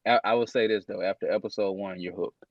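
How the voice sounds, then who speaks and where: A man's voice: lowish voice, fairly even intonation, fast talker, dry recording. A man co-hosting a casual gaming podcast, laid-back with brief remarks. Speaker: podcast co-host. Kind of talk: casual chat. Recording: dull lo-fi mic.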